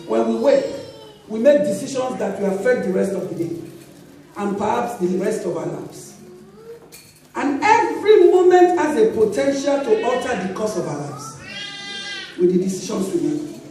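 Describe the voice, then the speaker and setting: Animated woman preaching in an echoey hall. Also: a little high, recorded from a distance. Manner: animated, laughing as she tells stories, acting out dialogue. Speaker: pastor. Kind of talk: sermon with storytelling. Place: large church hall.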